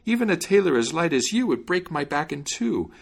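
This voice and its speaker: A man voicing a high, pleading young foal. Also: sing-song, fairly quick, vocal fry, slightly rough, exaggerated voice.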